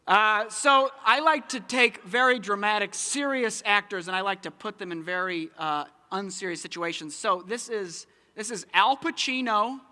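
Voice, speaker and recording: Young male comic, bright voice, lively self-deprecating stand-up. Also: sits high. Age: young adult. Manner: animated, self-mocking. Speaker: stand-up comedian. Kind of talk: stand-up comedy set.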